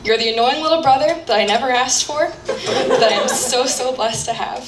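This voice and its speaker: A young woman with a fairly high voice delivers an earnest, heartfelt toast to the newlyweds. She is picked up from a distance in a roomy reception hall, with faint noise behind her. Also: moderate pace. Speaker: maid of honor giving a toast. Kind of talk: wedding reception speech.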